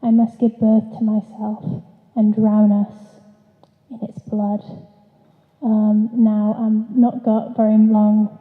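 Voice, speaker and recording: A woman's voice: mid-range voice, monotone. Woman reading poetry in an echoey hall. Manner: measured, deliberate reading with brief asides between sections. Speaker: poet. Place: festival event venue. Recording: tinny echoey hall recording.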